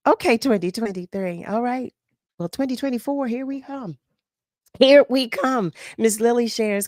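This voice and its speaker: Excited philly woman hosting a call-in radio show, repeats herself a lot, dry close sound. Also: medium pitch, no room sound. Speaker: radio talk show host. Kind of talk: live call-in talk show.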